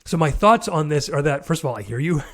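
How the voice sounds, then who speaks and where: A man's voice: on the high side, expressive, quick pace, fairly bright tone. A man hosting a podcast, answering listener questions in an earnest, conversational way and thinking aloud as he goes. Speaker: podcast host. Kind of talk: solo Q&A podcast.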